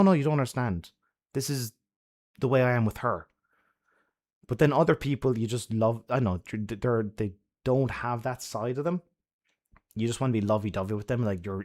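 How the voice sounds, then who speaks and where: A man's voice: on the low side, a little mellow. A man giving friendly advice to his chat on a casual live stream, laughing often and swearing freely.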